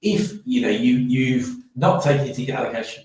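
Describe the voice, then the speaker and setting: A man's voice: medium pitch, sing-song, fairly quick, darkish tone. A man hosting an awards live stream, chatting enthusiastically and rambling with many restarts. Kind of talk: casual live stream chat. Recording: very echoey room, far from mic.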